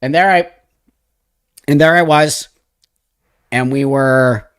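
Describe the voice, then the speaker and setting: A man in his sixties hosts a livestream, telling a personal story in a loose, emotional way full of profanity and acting out quotes as he goes. His voice sits mid-range, he speaks slowly, and there's no echo.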